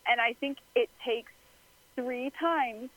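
A woman's voice: on the high side, takes it slowly, a bit bright, no room sound, poor audio. A woman talking things through in casual conversation, thoughtful and searching for words. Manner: thoughtful, many fillers and restarts. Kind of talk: casual chat.

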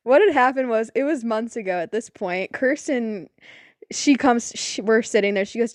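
A young woman co-hosting a podcast in casual chat, animated, swearing and laughing often. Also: a little high, normal speed, dry recording, studio quality. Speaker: podcast co-host.

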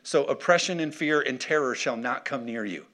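A man's voice: medium pitch, moderate pace, a bit bright. A man preaching a conversational sermon who keeps checking in with his congregation and asks for responses. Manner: conversational, calls for audience responses. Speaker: pastor.

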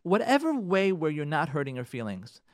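A man, a rabbi on a radio show, urging his listeners in an impassioned talk, repeating his key points and swinging from loud pressing to soft pleading. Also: on the high side, huge pitch swings, a little fast, no room sound, clean studio sound.

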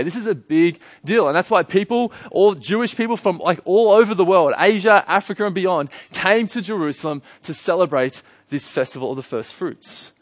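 An Australian man in his thirties preaches a sermon in a warm, chatty way, pitched a little high. He moves between earnest points and gentle jokes. His voice sounds close and dry. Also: dry recording. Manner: conversational, earnest, lightly humorous. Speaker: pastor.

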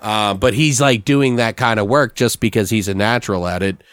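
Man, smooth clear voice, dry close sound, casual profane story brainstorm. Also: fairly low pitch, a bit bright, no echo. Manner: loose, profane, acts out lines in quick put-on voices.

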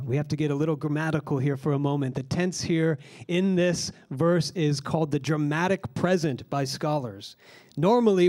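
A man delivering a sermon in a mellow, warm voice that sits a little higher than most men's. He teaches earnestly and slows down to lean on the phrases that matter. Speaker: pastor.

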